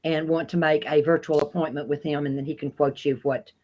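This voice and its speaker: A woman's voice: sits low, little pitch movement, a little fast, dark tone, dull audio. A woman hosting an interview show, speaking in a gracious and polite way to her guest. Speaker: show host.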